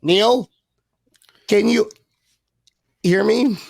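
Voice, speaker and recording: Excitable man with a gravelly edge. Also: high-pitched, very slow, no echo. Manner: loud, excitable, joking, stammers when worked up. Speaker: podcast host. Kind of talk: rowdy casual podcast banter.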